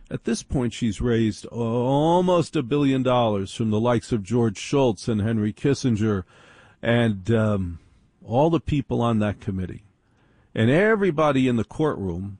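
A man's voice: mid-range voice, darkish tone, no echo. A man telling a story in a wry, dry, digressive monologue.

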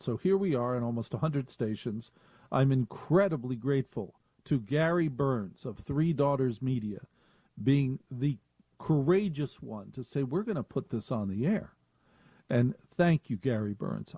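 A man hosting a radio talk show, rambling and self-mocking, with animated asides, in a studio. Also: mid-range voice, no room sound.

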